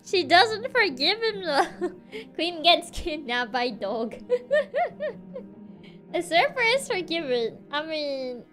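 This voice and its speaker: Playful woman streamer, bright and high, laughs a lot, game music low. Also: sing-song, slow, long pauses. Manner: giggly, playful. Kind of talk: casual game commentary.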